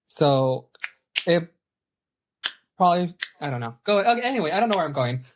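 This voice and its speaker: A woman's voice: on the low side, very animated, normal speed, noisy background. A woman co-hosting a casual podcast, chatting in a rambling, unsure way. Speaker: podcast co-host. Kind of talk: casual chat.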